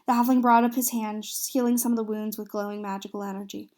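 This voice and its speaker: A woman's voice: medium pitch, steady tone, quick pace, a little mellow. A woman narrating a recap of a tabletop fantasy game, reading steadily with small slips and restarts.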